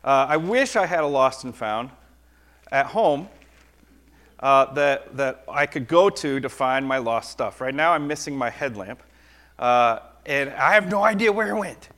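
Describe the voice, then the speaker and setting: A middle-aged man giving a lively, conversational children's sermon, often asking the kids "right?". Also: mid-range voice, a little slow.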